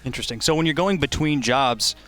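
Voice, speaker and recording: Male interviewer, bright crisp voice, music faintly behind, curious questions. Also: medium pitch, brisk. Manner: curious, conversational, rambling questions.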